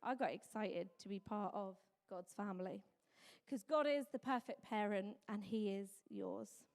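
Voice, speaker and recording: A woman in her thirties giving a Mother's Day sermon, telling a story with lively mimicked voices. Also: medium pitch, unhurried, vocal fry. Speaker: preacher. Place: church hall. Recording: long hall reverb.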